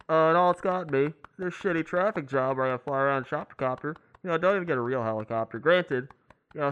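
A man playing a jaded helicopter traffic reporter who rambles in a fed-up deadpan. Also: medium pitch, smooth, pitched above the performer's own voice, natural voice, rough recording.

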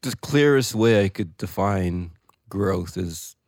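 Podcast co-host, young adult man, deep voice, reflective and jokey, dry studio sound. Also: lively intonation, slow pace, darkish tone, no echo. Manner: self-deprecating, musing, laughs often. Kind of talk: casual chat. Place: small recording room. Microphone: headphones and studio mic.

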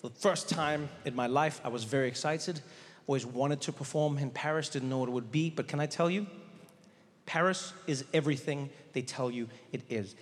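A man doing stand-up comedy on a theater stage, telling a story with animated delivery and acting out characters. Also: medium pitch, moderate pace. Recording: live hall reverb, faint ambience.

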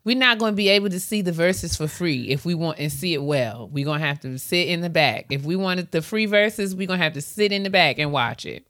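Deep-voiced woman on a podcast, swoops up and down a lot, keeps thanking the lord. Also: expressive, fairly quick, few pauses, a bit bright. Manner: churchy exclamations, drawling. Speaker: podcast co-host. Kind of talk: casual chat.

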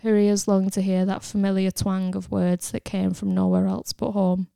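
A woman narrating an audiobook in a steady, even storytelling manner, recorded close in a studio. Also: mid-range voice, normal speed, vocal fry, smooth, no echo. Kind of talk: scripted narration.

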